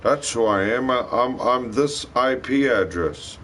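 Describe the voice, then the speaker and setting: A man's voice: medium pitch, animated, measured pace, a bit bright, slight background noise. A man on a livestream, ranting in an angry, profane and repetitive way. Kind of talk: rambling livestream rant.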